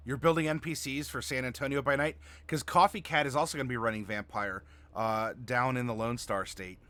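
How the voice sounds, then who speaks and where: A man's voice: medium pitch, steady tone, fairly quick, sharp tone. Chatty man hosting a game stream. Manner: chatty, reads viewer chat aloud. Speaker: game master and stream host. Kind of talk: casual livestream chat.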